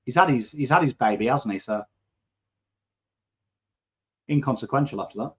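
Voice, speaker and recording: A man's voice: medium pitch, moderate pace. An English man with a coarse accent, hosting a live football watchalong, chatting and reacting to play. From England. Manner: chatty, excitable, swears, bursts into shouts at play. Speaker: watchalong host. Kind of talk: live football watchalong chat, reading viewer comments. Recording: dull lo-fi stream audio.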